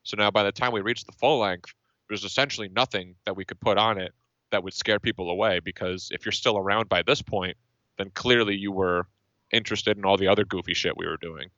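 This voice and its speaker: Bright-voiced man, dull dry recording. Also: lowish voice, steady tone, a little fast, no echo. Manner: thoughtful, lots of fillers and restarts. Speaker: band member, guest. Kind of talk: casual interview.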